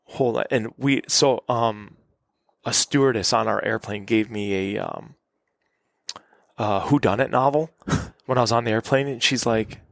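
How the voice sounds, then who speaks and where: A man telling hunting stories in a relaxed, animated podcast conversation, acting out the people in his tales. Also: on the low side, measured pace, creaky, no echo. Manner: animated, acts out quotes. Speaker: guest hunter. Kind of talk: casual storytelling. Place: cabin.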